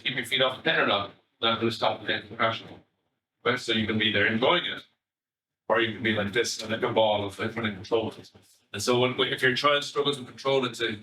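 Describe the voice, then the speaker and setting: An Irish man, a family psychotherapist, giving an animated talk to educators and acting out bits of dialogue as he tells stories. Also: medium pitch. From Ireland. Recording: echoey hall, voice from far off.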